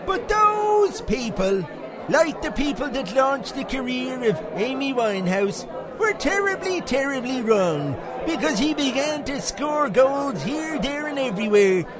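Man doing a booming Irish pub storyteller. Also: big pitch swings, unhurried, a crowd in the background, heavily acted. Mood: boisterous. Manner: hammy mock-medieval booming declamation. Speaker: pub storyteller segment regular. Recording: noisy crowded pub background.

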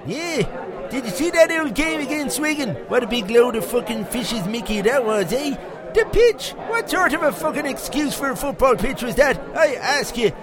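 A rambling, foul-mouthed Irish pub regular spins boastful tall tales. His voice sits very high. A pub crowd chatters clearly behind him. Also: big pitch swings, moderate pace. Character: crude boastful Irish pub regular, middle-aged man. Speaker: segment presenter. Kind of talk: comic monologue character.

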